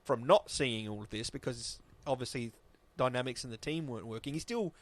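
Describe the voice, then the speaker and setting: A man's voice: medium pitch, fairly quick, dry recording. Chatty man, dry close sound. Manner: talkative, rambling, swears casually. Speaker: podcast co-host. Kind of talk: casual chat.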